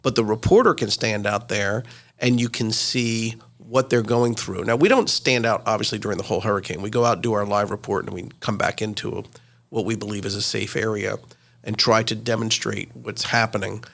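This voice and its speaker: Gravelly low-voiced man telling stories. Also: brisk. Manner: lively anecdotal storyteller, frequent fillers. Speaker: retired TV news correspondent, guest. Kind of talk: interview storytelling.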